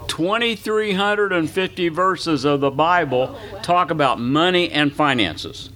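An older pastor teaches a Bible class in a folksy, chatty way, quizzing listeners and sharing anecdotes. His voice is fairly high and bright, with lively intonation, a measured pace, and a forceful tone.

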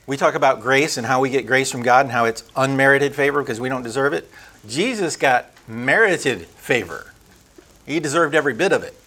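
A man teaching a conversational Bible lesson, emphatic, building up lists and slowing down on key words. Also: medium pitch, a bit bright.

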